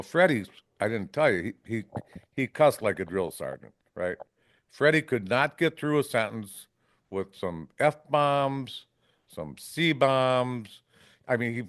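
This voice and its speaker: A man's voice: mid-range voice, dry recording, clean studio sound. A man from Wisconsin, a fishing guide, telling rambling stories on a podcast, often ending lines with "right?" and acting out salty quotes. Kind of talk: casual storytelling. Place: podcast studio.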